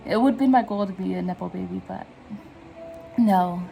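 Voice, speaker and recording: A woman's voice: mid-range voice, normal speed, vocal fry, dark tone, faint music behind, low-quality recording. A young woman chatting casually in a vlog, rambling from one tangent to the next in slangy speech and laughing often, recorded on her phone at home. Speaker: vlogger.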